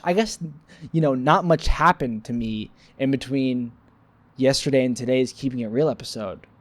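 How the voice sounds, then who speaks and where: A man's voice: a little high, darkish tone, dry recording. Sleepy, rambling young man vlogging. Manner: rambling, goofy, self-mocking, wordplay. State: sleepy, yawning. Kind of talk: rambling solo vlog to camera.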